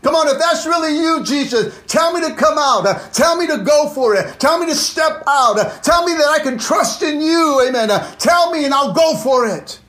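A male pastor voicing an eager male disciple who pleads in excited bursts during a sermon. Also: very high-pitched, normal speed, few pauses. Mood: pleading.

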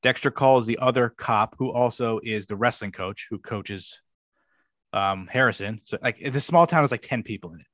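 A young man talking loosely on a podcast, mid-pitched and unhurried in his rambling. He swears freely and slips into quoted lines as he retells a story. The sound is dry and close. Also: a bit bright, no echo. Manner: rambling recap with profanity and quoted asides. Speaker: podcast co-host. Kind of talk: casual chat.

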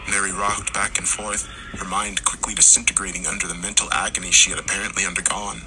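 A man narrating a horror story, acting out the characters' lines and rising to shouts in tense moments. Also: low-pitched, flat delivery, fairly quick, background noise. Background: music.

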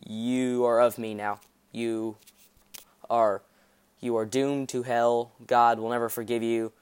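A scornful male devil taunts in slow, drawn-out sneers, as a man puts him on mid-sermon. His voice sits at a mid pitch, unhurried and cutting. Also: level tone, a little mellow, smooth, no room sound, close to an everyday voice. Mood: taunting.

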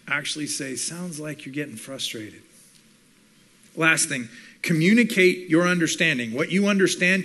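A man delivers a sermon with the energy of a classroom lecture. His voice is bright and sits a little high. He slips into quick acted-out voices for the people he quotes. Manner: animated teaching, acts out quoted listeners. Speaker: pastor and communications professor.

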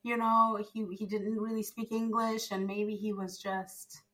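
A young woman from Zimbabwe, a podcast guest, telling her story in a casual, animated way and acting out the dialogue she quotes. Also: medium pitch, unhurried, rough recording. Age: young adult.

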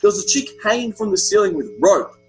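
A young Australian man in casual chat, telling an animated story with lots of swearing. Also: sits high, fast talker, over music, low-quality recording. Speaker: podcast guest.

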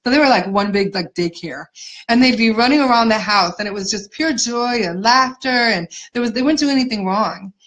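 A woman with a fairly high voice gives a conversational faith teaching. She sounds earnest and encouraging. She talks directly to her listeners and draws on her own life. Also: fairly quick, fairly bright tone, poor audio. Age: adult mother of four. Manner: earnest and encouraging, personal storytelling. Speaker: Christian ministry speaker.

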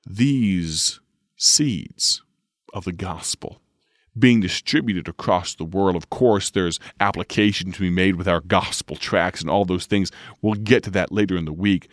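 A man, a radio preacher reading scripture and teaching in a slow, measured way, drawing out key words. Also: low-pitched, no room sound, clean studio sound.

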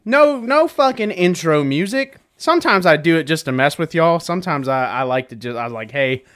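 A man's voice: fairly high pitch, animated, brisk, a bit bright. A man hosting a podcast, ranting sarcastically and swearing constantly, with bursts of mocking voices. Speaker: podcast host. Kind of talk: profane comedic rant. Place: in a truck.

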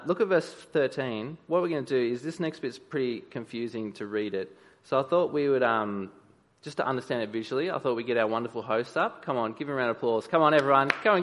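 A man giving a lively sermon, talking straight to his listeners. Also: mid-range voice. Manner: animated, addresses the crowd directly, acts out voices. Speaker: preacher. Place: church hall. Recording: hall reverb.

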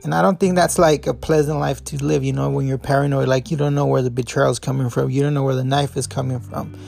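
A man's voice: mid-range voice, steady tone, fast talker, vocal fry, a little mellow, faint music behind. A man hosting a podcast, giving a loose, rambling review full of fillers and restarts, a Spanish speaker. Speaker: podcast host. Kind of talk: casual review talk.

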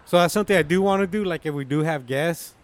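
A man's voice: fairly high pitch, quick pace. A man co-hosting a podcast, chatting in a slangy, profane, teasing way. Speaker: podcast co-host. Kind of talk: casual chat.

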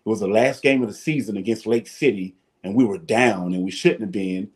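A man, telling casual stories as a guest, animated and salty-tongued. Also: fairly low pitch, a little fast. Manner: animated, swears casually, acts out voices. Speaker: guest, former football player. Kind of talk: casual storytelling.

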